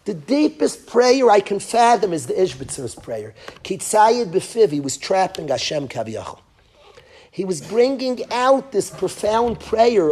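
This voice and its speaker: Impassioned husky-voiced rabbi. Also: male voice, a little high. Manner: impassioned, repetitive, swings between loud emphasis and soft hushed lines. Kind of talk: Torah lecture to parents.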